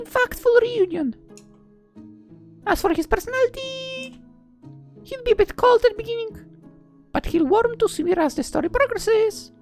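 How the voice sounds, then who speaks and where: A woman voicing a bubbly, excitable young heroine in a visual novel, with a high, gushing, squealy delivery. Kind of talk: visual novel read-aloud.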